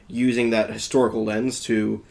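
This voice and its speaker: A man's voice: lowish voice, flat delivery, moderate pace, vocal fry, darkish tone. A man hosting a casual comics podcast, talking in an enthusiastic, rambling way with many restarts. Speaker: podcast host. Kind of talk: casual chat.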